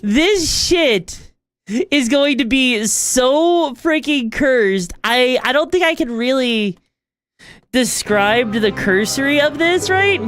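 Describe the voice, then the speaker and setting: A woman streamer talking loosely to her chat from a home setup, piling up fillers and tossing in casual swears. Her voice runs high and lively, leaping around in pitch, though her overall pace stays unhurried. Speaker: VTuber streamer.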